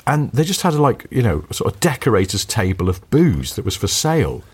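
A middle-aged man, co-hosting a podcast and telling stories in an animated, chuckling way. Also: a little fast, breathy edge. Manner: animated storyteller, chuckling, pitch jumping up when excited. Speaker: podcast co-host. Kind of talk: casual chat.

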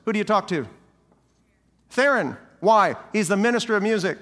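A man's voice: sits high, animated, quick pace, a bit bright, long reverb tail. A male senior pastor giving a sermon, preaching animatedly and acting out the voices of people he quotes.

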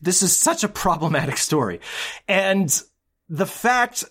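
A man's voice: high-pitched, very animated, unhurried, fairly bright tone. A man co-hosting a podcast in casual chat, recapping a plot in a heated, ranting way. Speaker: podcast co-host.

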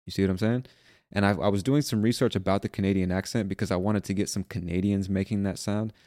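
A man with an American accent teaches English on a podcast, reading from an article and then stopping to explain its words. His voice sits fairly low and sounds warm and mellow, with a dry, close sound. He is patient and repeats each point in different ways. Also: steady tone, dry recording. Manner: patient, repeats ideas in several ways, slows down to stress words.

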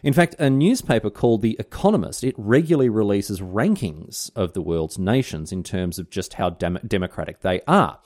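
A man's voice: on the low side, animated, moderate pace, few pauses, darkish tone. An Australian man hosting a casual history podcast, explaining in a chatty way with mock-outraged asides and mild swearing.

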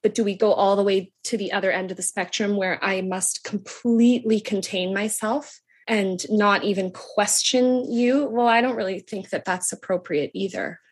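A woman in her thirties talking in a casual podcast conversation, reflective and measured, explaining her view at length. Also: mid-range voice, fairly even intonation, husky. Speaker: podcast guest, daughter and teacher.

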